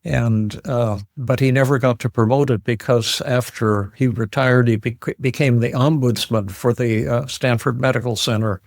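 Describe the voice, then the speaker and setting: An older man recounts a story in a plain, unhurried voice, circling back and repeating words as he looks for the next phrase. His voice sits at an ordinary middle pitch. The recording is very dry, with no room sound at all. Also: steady tone, gravelly, dry recording. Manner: halting, repeats words, restarts often. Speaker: psychiatrist telling a story. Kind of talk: conversational storytelling.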